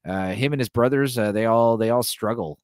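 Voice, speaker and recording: Casual male podcaster, rambly and profane, dry close sound, average pitch. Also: a little fast, a little mellow, no room sound. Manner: rambling, full of uh and you know; loose, mildly profane. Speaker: podcast host. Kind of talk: casual film recap.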